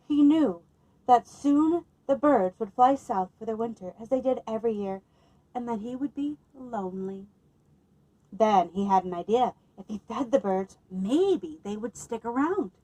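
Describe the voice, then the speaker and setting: Reading a picture book to kids at story time, a woman librarian with a fairly high voice is lively and expressive. She pauses to ask questions, captured on a low-quality recording.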